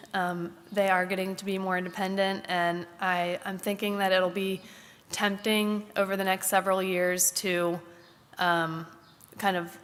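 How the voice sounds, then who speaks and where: Woman in her 30s talking at church, honest and kinda halting, lots of ums, big echo tail from the room. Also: medium pitch, fairly bright tone. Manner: candid, thoughtful, halting with fillers. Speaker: congregant sharing a Mother's Day reflection. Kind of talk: personal talk at a church service. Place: church sanctuary. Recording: long church reverb.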